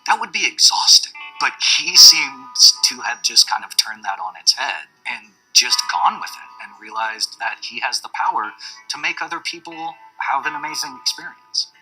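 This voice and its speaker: A man giving a documentary interview, telling a story in a relaxed way. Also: mid-range voice, normal speed, soft background music, low-quality recording. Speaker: bar staff interviewee.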